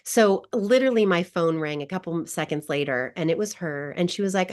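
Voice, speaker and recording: A woman's voice: on the low side, expressive, a little fast, few pauses, darkish tone. A woman guest coach who tells a personal story in an online wellness class, emotional and laughing often. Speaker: grief recovery guest coach.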